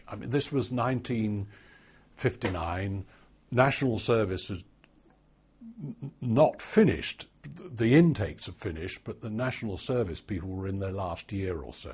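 Slow, gravelly older man reminiscing. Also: lowish voice, darkish tone, highs cut off. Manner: slow, wry storytelling. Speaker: interviewee. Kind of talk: oral history recollection.

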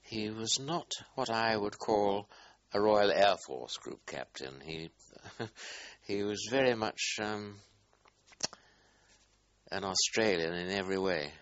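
An older man recalling his wartime squadron in an interview, halting and searching for words. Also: fairly low pitch, expressive, no echo, highs cut off. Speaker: interviewee, former squadron commander. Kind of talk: oral history interview.

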